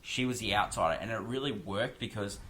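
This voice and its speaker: Low-voiced man chatting about films. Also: fairly quick, fairly bright tone. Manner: rambling, many fillers and restarts. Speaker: podcast co-host. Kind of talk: casual film discussion.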